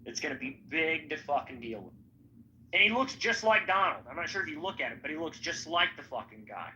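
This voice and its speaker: A man's voice: a little high, quick pace, bright, forceful tone. A man talking politics in a rambling, profane, casual podcast chat. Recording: slightly dull audio with faint background noise.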